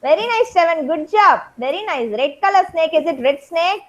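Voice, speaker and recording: A woman's voice: very high-pitched, expressive, moderate pace, lo-fi sound. A young woman with an Indian English accent, teaching a kindergarten craft class over a video call and praising each child by name. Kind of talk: online class instruction.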